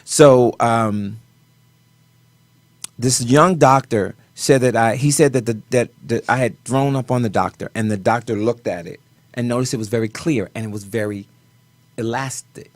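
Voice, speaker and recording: Appearing as a talk show guest, a choreographer recounts something from his own life in a lively way, his volume rising and falling. He speaks at medium pitch and normal speed in a dry recording.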